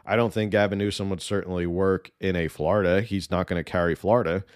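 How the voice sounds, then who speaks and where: A man's voice: deep voice, fairly even intonation, fast talker, no room sound, studio quality. A man giving casual political commentary, rambling and opinionated, with many ums and restarts.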